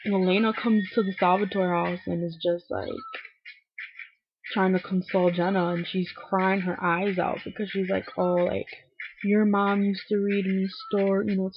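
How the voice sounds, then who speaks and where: A young woman recapping a TV episode in a chatty, filler-heavy way, swearing casually and sounding a little low from feeling unwell. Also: vocal fry. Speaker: TV recap vlogger. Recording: dull lo-fi webcam audio with faint hiss.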